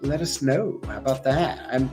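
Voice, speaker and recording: A man's voice: medium pitch, animated, normal speed, a little mellow. A man hosting a casual live show, chatting loosely with lots of ums and easy laughs. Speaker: show host. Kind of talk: casual livestream chat. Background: faint music playing.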